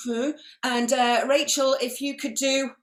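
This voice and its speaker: A woman hosting an online improv comedy show, chatty and quick to laugh. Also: high-pitched. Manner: lively, chatty, laughs often. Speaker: improv host.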